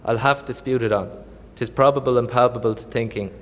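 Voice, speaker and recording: A man's voice: mid-range voice, fairly even intonation, a little fast, natural voice. A man playing Brabantio, a furious old senator. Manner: loud, bullying, accusing. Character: enraged old Venetian senator, outraged father. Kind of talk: Shakespearean stage acting. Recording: long hall reverb, voice from afar.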